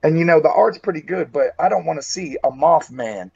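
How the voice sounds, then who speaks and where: Intense folksy wrestler, husky voice. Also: male voice, fairly high pitch, animated, a little fast, dark tone. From West Virginia. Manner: folksy and intense, calls people brother. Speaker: pro wrestler. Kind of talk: in-character wrestling promo. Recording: dull lo-fi audio.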